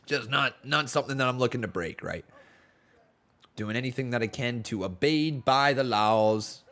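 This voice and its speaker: Watching old wrestling matches on a casual live stream, a man gives relaxed play-by-play at normal speed, reads chat aloud, and sometimes bursts into hyped shouting. His voice is mid-range and slightly sore and tired.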